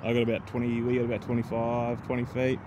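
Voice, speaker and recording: An Australian man filming and commentating his golf round outdoors, excitable and chatty. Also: mid-range voice, fast, noisy background. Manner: lively, excitable.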